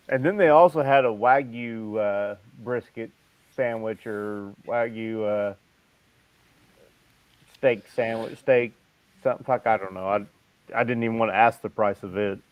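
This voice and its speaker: A man's voice: mid-range voice, unhurried, pauses often, dry recording, muffled recording. Blunt, profane man with a dry sound. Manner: blunt, profane, laughs mid-sentence. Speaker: chat guest. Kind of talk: casual chat.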